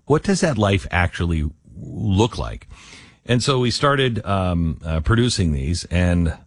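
A man's voice: low voice, big pitch swings, slow, dry recording, clean studio sound. A man hosting a talk radio show, talking in a rambling way with many fillers and restarts.

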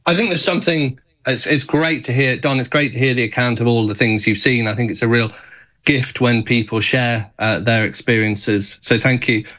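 Measured man, slightly dull audio. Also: mid-range voice, fairly even intonation, a bit bright. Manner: measured, with frequent fillers. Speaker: guest. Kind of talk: radio interview talk.

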